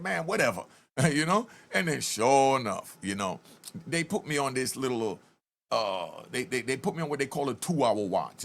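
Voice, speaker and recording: Gravelly man telling prison stories. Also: medium pitch. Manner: animated, talks straight to viewers. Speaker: ex-prisoner commentator. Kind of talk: casual video commentary and prison storytelling.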